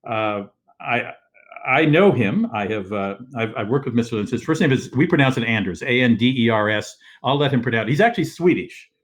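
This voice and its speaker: A man's voice: medium pitch, lively intonation, brisk. An older man hosting a casual show from his living room over a video call, rambling with many fillers and restarts. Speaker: host. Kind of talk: casual live-stream talk. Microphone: video call setup.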